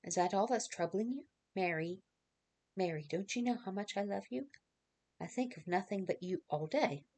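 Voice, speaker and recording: A woman reading aloud as a devoted young male carpenter, gentle and earnest in a dramatic reading. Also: mid-range voice, animated, normal speed. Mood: tender.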